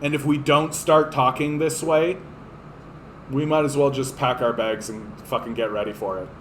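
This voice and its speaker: A man's voice: mid-range voice, steady tone, normal speed, fairly bright tone, a little hiss or hum, low-quality recording. A man hosting a livestream, delivering an impassioned, profane political rant that repeats itself for emphasis. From Canada. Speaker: livestream host. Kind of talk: ranting political livestream monologue.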